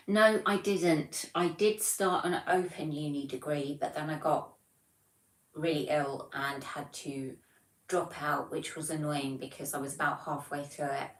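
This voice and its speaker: A woman's voice: low voice, fairly even intonation, a little slow, reverberant, far from the mic, rough recording. A woman in her forties with a Devon English accent, chatting casually on a livestream, reading out viewer comments in a chatty, self-deprecating way. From England. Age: 40s. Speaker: livestream host.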